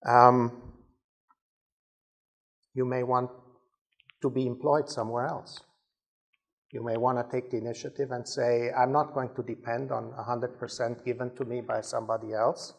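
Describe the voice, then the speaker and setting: A man's voice: mid-range voice, level tone, normal speed, vocal fry, long pauses. A man from Germany giving a talk to ministry leaders, telling stories with frequent restarts. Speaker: speaker at a leadership training.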